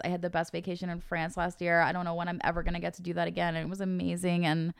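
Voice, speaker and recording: A woman's voice: fairly low pitch, monotone, racing, gravelly, smooth. A woman co-hosting a podcast in casual, rambling chat, swearing now and then. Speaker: podcast co-host.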